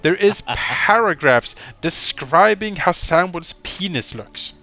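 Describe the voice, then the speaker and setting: A man with a fairly high voice chats loosely while playing a game, rambling through stories with many restarts. He gets animated when he tells a tale. The sound is dull and lo-fi, like a cheap headset. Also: slow pace. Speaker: co-host of a game let's play. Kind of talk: casual gaming chat.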